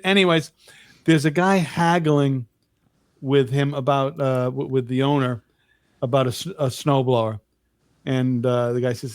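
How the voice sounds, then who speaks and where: A man's voice: mid-range voice, steady tone, moderate pace, clean tone, no echo. A middle-aged man co-hosting a podcast, telling rambling, profane stories in casual chat. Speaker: podcast co-host.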